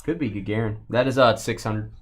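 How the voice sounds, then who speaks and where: A man hosting a live sports card break, joking playfully and getting excited over the cards. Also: fairly low pitch, quick pace. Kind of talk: casual live stream chat.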